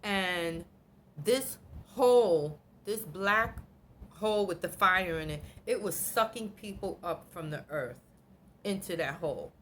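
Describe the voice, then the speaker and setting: A middle-aged woman vlogger telling a personal story in an animated, blunt way, swearing freely. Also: lowish voice, slow pace, slight background noise. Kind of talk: emotional storytelling.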